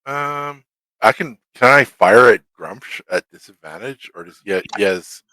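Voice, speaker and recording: A man's voice: lowish voice, animated, measured pace, pushed and bright, no echo, low-quality recording. A man playing a tabletop game, talking hesitantly and second-guessing his choices. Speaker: player.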